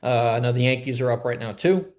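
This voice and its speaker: A man's voice: medium pitch, quick pace. Laid-back man chatting sports. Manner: laid-back, filler-heavy. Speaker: podcast co-host. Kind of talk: casual sports chat.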